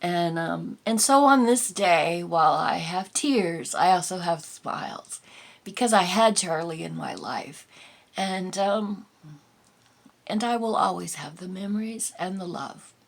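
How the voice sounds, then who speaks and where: An older woman hosting a reflective personal vlog, talking in a gentle, tender way that rambles with pauses. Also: lowish voice, lively intonation, creaky. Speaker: vlog host.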